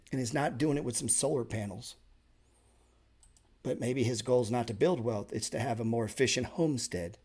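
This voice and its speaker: A man's voice: medium pitch, breathy edge. A man in an everyday middle-range voice runs a casual live trading class. He talks bluntly and swears freely for emphasis. He throws in sarcastic asides. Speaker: trading teacher.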